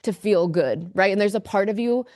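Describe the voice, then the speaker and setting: A woman's voice: medium pitch, normal speed, darkish tone, dry recording, studio quality. A woman as a podcast guest, speaking candidly and emphatically, with a lot of fillers. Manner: earnest, emphatic storyteller, many fillers.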